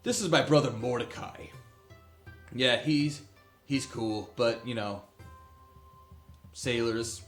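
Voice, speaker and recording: A man voicing a jovial, boastful male ship owner who loves telling stories, with a loud, hearty delivery. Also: mid-range voice, slow pace, long pauses, roomy sound, faint music behind.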